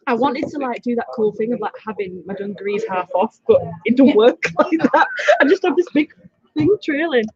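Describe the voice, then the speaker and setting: A woman's voice: fairly high pitch, animated, a little fast, slightly rough, dull audio. A woman with a Yorkshire accent, a bar manager chatting casually in a pub garden, rambling and laughing easily. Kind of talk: casual chat. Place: outdoor pub garden, off camera.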